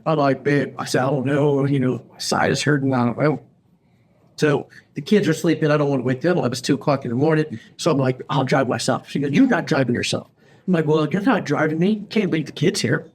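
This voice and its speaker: Male podcast co-host, lively storyteller who plays every quoted voice, mid-range pitch. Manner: animated, acts out quoted voices, frequent restarts; laughs often while telling stories. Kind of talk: casual storytelling chat.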